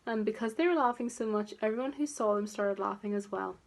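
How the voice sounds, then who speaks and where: A woman teacher reading a picture book aloud to toddlers, expressive and gently coaxing. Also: mid-range voice, brisk, vocal fry. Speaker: preschool teacher.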